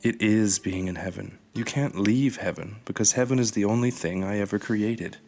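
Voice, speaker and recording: A man voicing a kind, gently joking God in a children's storybook reading, speaking in a warm, reassuring manner. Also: fairly low pitch, normal speed, faint music behind, lightly acted.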